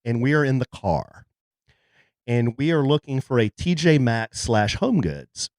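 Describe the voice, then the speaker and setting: A man's voice: medium pitch, lively intonation, a little slow, a little mellow, dry recording, clean studio sound. A man, co-hosting a podcast and telling a jokey story in a casual chat. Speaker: podcast co-host. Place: in a car.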